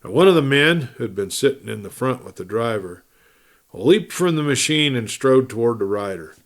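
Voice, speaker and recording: A man hosting a storytelling show, reading a western novel aloud in steady, measured narration. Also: mid-range voice. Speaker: storyteller host.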